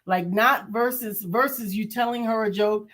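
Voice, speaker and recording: A woman's voice: fairly high pitch, moderate pace. A middle-aged woman from the United States co-hosting a live online talk show, reading viewer comments in a friendly, affirming way. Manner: warm-hearted, affirming, says "amen" often. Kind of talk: casual chat.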